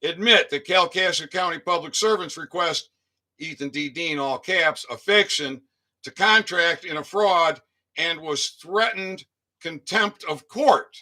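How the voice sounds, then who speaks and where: A man's voice: a little high, unhurried, sharp tone. A man reading a list of formal legal statements aloud, with muttered asides. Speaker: citizen activist.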